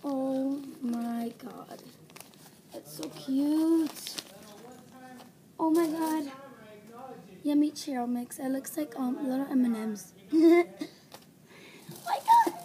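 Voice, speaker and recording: A female vlogger unboxing at home, gushing and gasping with breathless excitement. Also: sits high, takes it slowly, pauses often. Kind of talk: excited doll unboxing vlog. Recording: home recording with background noise.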